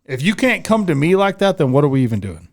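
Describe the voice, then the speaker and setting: A man in casual podcast chat about faith, with a voice a little higher than most men. His pitch swings widely as he plays out quoted lines, and he laughs often and talks bluntly. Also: quick pace, vocal fry. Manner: animated, acts out quotes with laughter. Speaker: podcast co-host.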